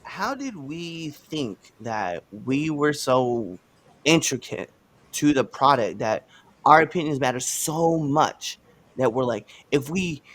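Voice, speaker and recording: A man hosting a live podcast, ranting in a casual, animated way with slangy asides. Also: medium pitch, slow pace. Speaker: podcast host.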